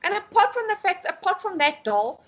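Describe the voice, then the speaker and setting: A woman vents in a casual podcast chat, her high voice sharp with exasperation. She swears freely and sounds fed up, talking as a frustrated beauty therapist. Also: very animated, normal speed, dull audio. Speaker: podcast co-host.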